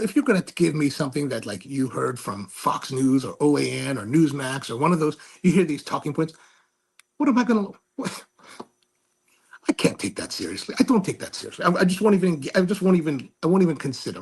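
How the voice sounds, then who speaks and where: A man's voice: a little high, gravelly, darkish tone, slightly rough. A man hosting his own show, telling a rambling, snarky story with many restarts. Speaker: host. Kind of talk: casual monologue.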